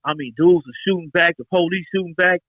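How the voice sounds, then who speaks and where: A man's voice: high-pitched, fast talker, dry recording, muffled recording. A man in his forties from Los Angeles, telling street stories as an interview guest and acting out the quotes. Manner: animated street storytelling, acts out quotes. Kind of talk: casual storytelling interview.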